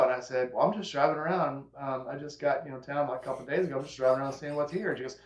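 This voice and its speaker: A man's voice: medium pitch, racing, darkish tone. A man hosting a casual chat, telling a long story and acting out the quotes with a drawl. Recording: echoey room, dull lo-fi sound.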